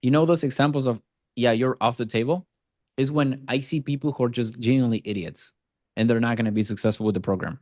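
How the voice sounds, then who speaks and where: Blunt, mellow-voiced male sales coach. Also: medium pitch, quick pace. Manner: blunt, profane, teasing. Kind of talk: group coaching call.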